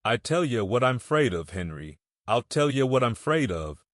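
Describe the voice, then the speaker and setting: A man's voice: medium pitch, big pitch swings, normal speed, no echo, studio quality, close to an everyday voice. A man voicing a badly wounded young soldier who speaks in a rural dialect, dazed and pleading. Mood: frightened.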